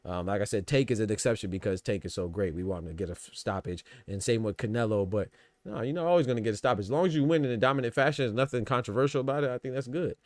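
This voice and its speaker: A man's voice: mid-range voice, very fast, darkish tone, no room sound. A man hosting a boxing podcast stream, talking casually with many fillers and restarts. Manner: conversational, repeats fillers like "you know what I'm saying", restarts words. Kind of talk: casual livestream commentary.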